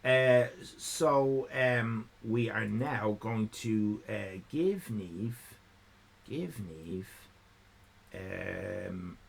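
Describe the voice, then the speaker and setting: A man's voice: fairly low pitch, gravelly, husky. A man hosting a live comedy stream, judging drawings in a playful, teasing way. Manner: playful, teasing, drawn-out delivery. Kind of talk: casual comedic livestream chat.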